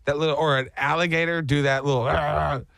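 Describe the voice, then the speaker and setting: A fairly high-pitched man with a gravelly edge, talking on a chat show. He tells the story with big, self-mocking exaggeration and acts out the sounds. The sound is close and dry. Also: fairly even intonation, fast talker, fairly bright tone, no echo.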